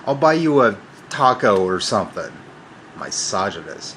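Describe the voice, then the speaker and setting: A man's voice: fairly low pitch, very animated, measured pace, a bit bright, slight background noise. A middle-aged man hosting his channel, delivering a combative, sarcastic rant that mocks his critics. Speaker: channel host. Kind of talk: ranting monologue to camera.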